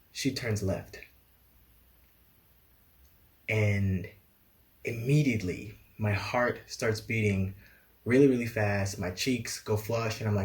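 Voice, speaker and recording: A young man telling a travel story in an animated storytime style, laughing now and then and acting out the dialogue. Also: lowish voice. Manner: animated, laughs often, acts out quoted dialogue. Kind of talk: storytime vlog.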